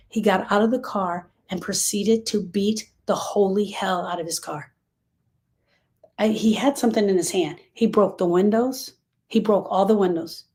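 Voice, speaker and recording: A woman's voice: mid-range voice, darkish tone. A woman hosting a show on grief, who tells stories emphatically and conversationally and repeats phrases for weight. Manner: emphatic, repetitive, conversational storytelling. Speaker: podcast host. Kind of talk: heartfelt motivational talk on grief.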